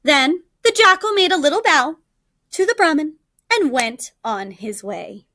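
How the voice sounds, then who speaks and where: Woman teacher, young adult, reading aloud slowly and brightly; dry close-miked sound. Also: sits high, no echo. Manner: slow, animated storytelling with frequent ums.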